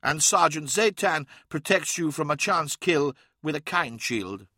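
A man voicing a calm, proud male warrior-mentor who speaks in a measured, instructive way. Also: on the high side, slightly rough, dry recording, clean studio sound, voice pushed up, exaggerated voice.

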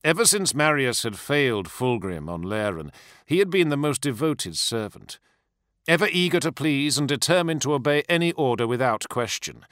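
A man reading a dark fantasy novel aloud with measured, expressive narration. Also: medium pitch, no echo, studio quality. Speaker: audiobook narrator. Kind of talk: scripted narration.

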